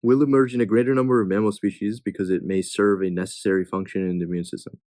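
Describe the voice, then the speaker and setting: A man's voice: lowish voice, steady tone, fast, darkish tone, dry recording. A young man tutoring test questions in a casual way, reading each answer choice and thinking aloud as he rules it in or out.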